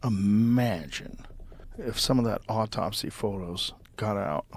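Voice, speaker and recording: A man's voice: lowish voice, unhurried. Curious male podcast host. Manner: short, curious questions. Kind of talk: casual interview talk.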